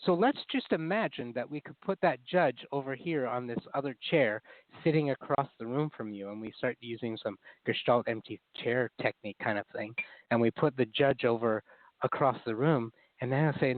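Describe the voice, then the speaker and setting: A man's voice: medium pitch, normal speed, no echo, narrow, tinny audio. A man speaking as a therapist guest in an interview, explaining ideas in an earnest way and acting out inner critical voices.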